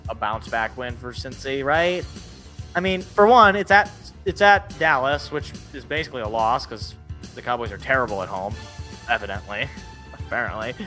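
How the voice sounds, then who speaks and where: Guy hosting a sports show, kinda hoarse from yelling, bright tense tone, music playing low. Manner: rambling, self-correcting, laughs at own jokes. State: voice feels worn out. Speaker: sports podcast host. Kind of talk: casual sports talk show.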